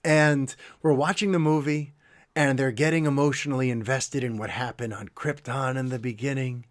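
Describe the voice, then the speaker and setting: A middle-aged man hosting a podcast, telling a heartfelt story in an animated, emotional way, with quick asides. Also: medium pitch. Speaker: podcast host. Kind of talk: casual podcast monologue.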